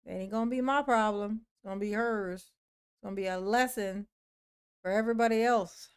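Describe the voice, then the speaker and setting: A woman hosting a casual livestream, greeting viewers in the chat, playful and laughing often with drawn-out "yes, honey" replies. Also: mid-range voice, clean tone. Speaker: livestream host. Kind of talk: casual livestream chat, reading and answering a live chat.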